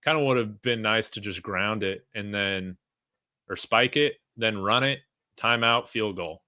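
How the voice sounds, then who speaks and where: A man giving live play-by-play reactions as a fan, reading chat comments aloud and shouting on big plays. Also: on the low side, measured pace, no echo, studio quality. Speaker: fan watch-along commentator.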